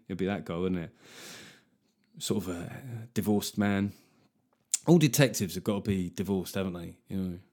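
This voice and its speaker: A man hosting his podcast, riffing and joking in casual chat, swearing freely. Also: fairly low pitch. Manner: jokey, swearing, riffing on names. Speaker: podcast host.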